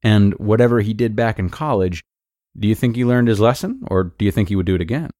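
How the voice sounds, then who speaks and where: A man with a low voice reads a blog post aloud as a podcast host. His delivery is calm and measured, and the close, dry studio recording has no room sound. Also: no echo.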